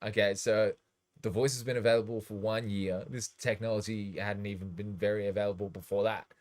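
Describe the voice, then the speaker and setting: A man's voice: on the low side, flat delivery, brisk, darkish tone. A man hosting a DJ livestream, chatting in a rambling, loose way and swearing casually. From Australia. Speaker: DJ and livestream host.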